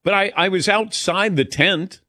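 A man hosting a casual talk show, telling stories with lively delivery and frequent laughs. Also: high-pitched, a little slow, no echo, clean studio sound. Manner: storytelling, animated, laughs often. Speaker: sports talk show host. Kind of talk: casual radio show chat.

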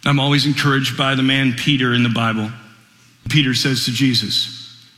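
A man preaching a radio sermon, swinging from hushed storytelling to fervent, rising delivery. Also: mid-range voice, fairly even intonation, normal speed, echoey room, big-room sound.

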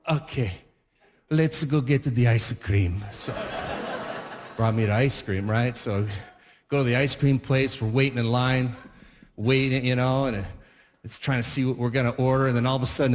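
A man's voice: mid-range voice, fairly even intonation, normal speed. A male comedian telling a stand-up story in a chatty way, tagging his lines with "right?". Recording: long hall reverb.

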